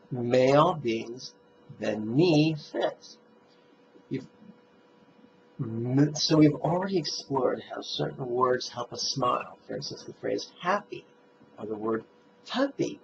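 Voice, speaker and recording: Man, meditation teacher, unhurried and emphatic delivery; dull lo-fi sound with faint hiss. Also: medium pitch, vocal fry. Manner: slow, deliberate, emphatic phrasing. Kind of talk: guided meditation instruction. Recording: dull lo-fi recording with faint noise.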